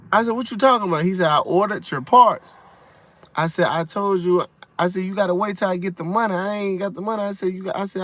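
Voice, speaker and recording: A man's voice: a little high, bright, forceful tone. A man giving an emphatic, repetitive faith testimony in a casual vlog. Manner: preachy, emphatic, repeats himself. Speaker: vlogger sharing testimony.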